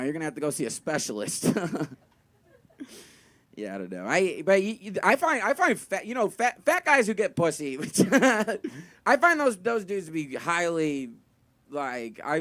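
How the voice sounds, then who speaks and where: A young man doing a stand-up comedy set, with a high, thin voice, rambling and self-deprecating, full of fillers. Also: a bit bright. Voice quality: high, thin voice he calls dumb. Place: comedy venue with live audience.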